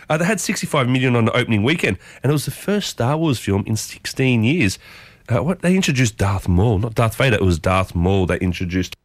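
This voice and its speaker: A man's voice: mid-range voice, big pitch swings, brisk, no room sound, studio quality. An Australian man hosting a morning radio show, chatting upbeat and calling listeners folks. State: coughing. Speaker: radio host. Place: radio studio.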